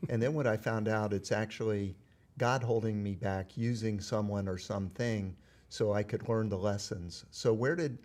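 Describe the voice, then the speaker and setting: A man's voice: on the low side, steady tone, moderate pace, a little mellow. A man hosting a conversational interview, affirming and sympathetic toward his guest. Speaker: host.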